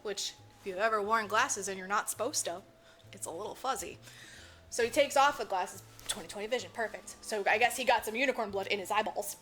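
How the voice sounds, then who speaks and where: A woman's voice: mid-range voice, a little fast, soft background music. A woman podcast co-host recapping a movie in casual chat, swearing freely and mimicking the characters as she goes. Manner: animated, profane storytelling, mimics characters.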